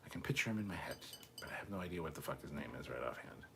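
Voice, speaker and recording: A man's voice: extremely low pitch, expressive, rapid-fire, creaky, noisy background. A man hosting a casual live stream, reading viewer comments aloud and answering offhand, sometimes swearing. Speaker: livestream host reading chat.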